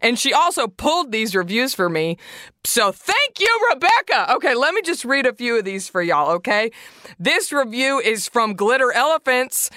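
A woman's voice: a little high, very animated, moderate pace, bright, forceful tone, dry recording, clean studio sound. A woman hosting a podcast in a casual, playful chat, talking expressively with sudden bursts of emphasis. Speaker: podcast host.

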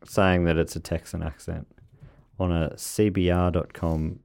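A man hosting a podcast in casual chat, joking and quick to laugh. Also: low-pitched, little pitch movement, vocal fry, a little mellow, clear, resonant tone. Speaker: podcast host.

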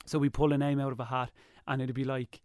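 A man's voice: medium pitch, little pitch movement, quick pace, a little mellow, smooth, dry recording, studio quality. A man chatting as a radio guest, joking and slipping into cartoon impressions. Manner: jokey, slips into cartoon voices. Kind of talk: casual chat.

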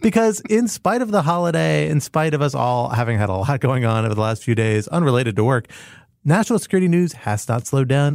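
A man's voice: mid-range voice, creaky, a little mellow, no room sound. A man hosting a podcast in a studio, introducing topics with playful wordplay and frequent laughs. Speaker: podcast host.

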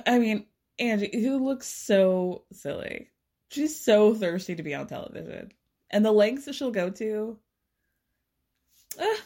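Woman podcast host, sarcastic and chatty, laughs a lot, middle pitch. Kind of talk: casual recap chat.

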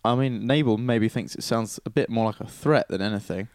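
A man with a fairly low voice, recorded close and dry with no room sound. He retells old stories in an offhand, irreverent way, swearing and sketching quick character voices. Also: a little mellow, no echo. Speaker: podcast co-host retelling Bible stories. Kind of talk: casual chat.

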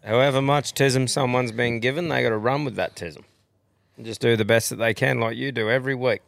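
A man's voice: mid-range voice, fairly even intonation, fairly quick, vocal fry, fairly bright tone. An Australian man hosting a podcast, bantering in a laid-back way. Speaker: podcast host. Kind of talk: casual chat.

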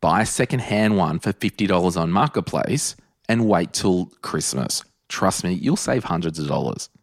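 A man's voice: low-pitched, lively intonation, moderate pace, vocal fry, slightly rough, dry recording, studio quality. An Australian man hosting a podcast in a casual, chatty way, leaning hard on repetition for emphasis. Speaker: podcast host. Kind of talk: casual solo podcast talk.

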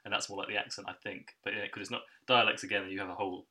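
A young man on a podcast telling stories quickly in a casual chat, laughing and trailing off into asides. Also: on the low side, level tone, bright, forceful tone, recorded from a distance. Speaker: podcast co-host.

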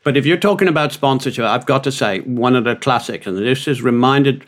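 A man's voice: medium pitch, brisk. An older man co-hosting a podcast, telling rambling, self-mocking stories in casual chat. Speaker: podcast co-host.

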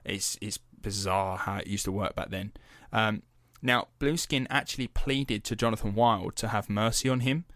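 A man's voice: fairly low pitch, normal speed, few pauses, a bit bright, no echo, studio quality. A young man hosting a podcast, telling a story in a loose, chatty way, swearing freely and padding with fillers. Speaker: podcast host. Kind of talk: casual storytelling chat.

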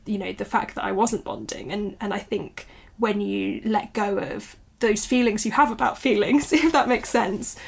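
A woman's voice: mid-range voice, normal speed, creaky, slightly rough. A woman in her thirties, a guest author and new mother, talking candidly and reflectively in an interview, often laughing. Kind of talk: conversational interview.

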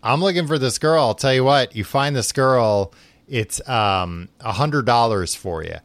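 A man voicing a smooth-talking client who tries to hire a detective, in a loose, offhand way. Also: mid-range voice, unhurried, no room sound, natural voice. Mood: persuasive. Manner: casual, offhand retelling of lines.

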